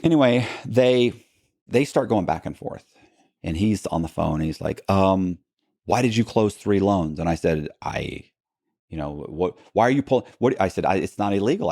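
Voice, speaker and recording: A man recounting his past as a podcast guest, telling it with lots of quoted back-and-forth and quick restarts. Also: on the low side, vocal fry, breathy edge, dry recording, studio quality. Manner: animated retelling with quoted dialogue and frequent restarts. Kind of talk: storytelling in a long-form interview.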